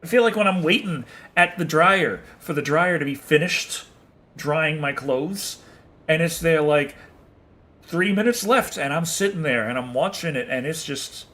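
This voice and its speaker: Bright-voiced man rambling casually on stream. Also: fairly high pitch, lively intonation, unhurried. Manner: rambling, profane, chuckling. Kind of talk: casual chat with viewers while playing.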